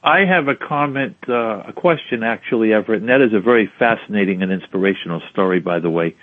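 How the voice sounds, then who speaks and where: A man's voice: on the low side, fast talker, no echo. Man, radio interviewer, polite questions, phone-line audio. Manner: polite, follows up on details. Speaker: radio host asking questions.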